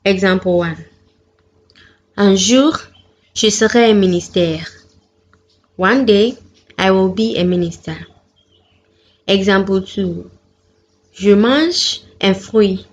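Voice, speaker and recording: A woman teaching a beginners' French lesson, reading out each example clearly and carefully. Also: mid-range voice, slow pace, pauses often. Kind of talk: slow, deliberate lesson narration. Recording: dull lo-fi sound with faint background noise.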